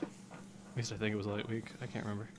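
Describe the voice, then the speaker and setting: A man co-hosting a podcast, chatting casually and rambling through his take, getting animated when he retells jokes. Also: lowish voice, racing, background noise. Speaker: podcast co-host. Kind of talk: casual chat.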